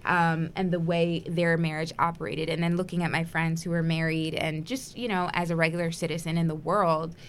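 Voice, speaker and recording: A woman's voice: low-pitched, flat delivery, fairly quick, hardly any pauses, a little hiss or hum. A young woman hosting a podcast in a casual, chatty way, with frequent ums and easy laughs. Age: young adult. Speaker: podcast host.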